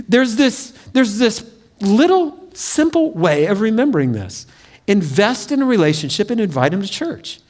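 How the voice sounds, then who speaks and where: A high-pitched man preaching to his congregation. He tells stories with lots of life, and he puts on small voices for the quotes. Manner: animated storytelling with acted-out quotes. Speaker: pastor. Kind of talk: sermon. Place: church sanctuary.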